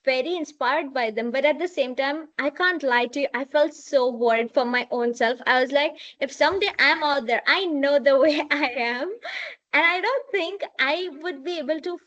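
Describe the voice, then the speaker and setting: A young woman with a high, bright pitch hosts the conversation and eagerly agrees with her guest. Her audio sounds muffled and lo-fi, as from a modest home setup. She often chimes in with short affirmations. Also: moderate pace. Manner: enthusiastic, affirming, frequent backchannels. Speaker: podcast host. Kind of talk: conversational interview. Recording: slightly dull, lo-fi sound.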